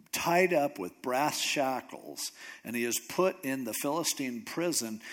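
A man preaching a sermon, retelling a story in a lively, joking way with asides. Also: medium pitch.

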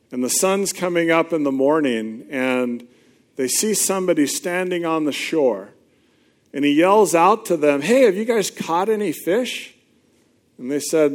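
A man's voice: mid-range voice, darkish tone. A man preaching a sermon, retelling scripture in a conversational storytelling way with emphatic repetition. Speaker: pastor.

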